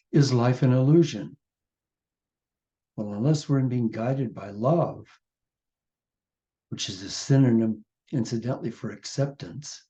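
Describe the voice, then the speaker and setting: A man hosting a weekly spiritual talk, speaking gently and repeating phrases in a meditative way. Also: mid-range voice, highs cut off. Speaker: spiritual teacher and host. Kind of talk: sermon-like reflection and reading. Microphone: video call.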